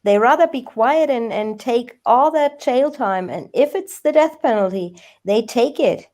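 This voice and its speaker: A middle-aged woman in a true crime chat who talks haltingly and repeats words, with many "you know"s. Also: a little high, expressive, warm tone. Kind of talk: casual chat.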